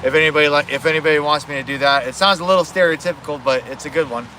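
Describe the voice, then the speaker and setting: Bright-voiced rambling male streamer. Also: a little high, fairly even intonation, racing, slight background noise. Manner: rambling, self-correcting, swears. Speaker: livestreamer. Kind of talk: casual livestream chat. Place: outdoors at home.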